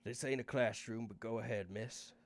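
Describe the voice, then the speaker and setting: A man's voice: medium pitch, fairly even intonation, quick pace, vocal fry, natural voice. A man voicing a curt, dismissive male spymaster who runs a secret team. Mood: gruff. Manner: curt, dismissive, calls the players rookies.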